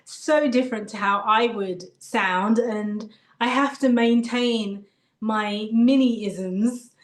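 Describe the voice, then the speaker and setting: A woman's voice: fairly high pitch, slow, roomy sound. A woman with a British accent, an actress guest chatting thoughtfully in an interview and laughing often. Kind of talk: casual interview chat.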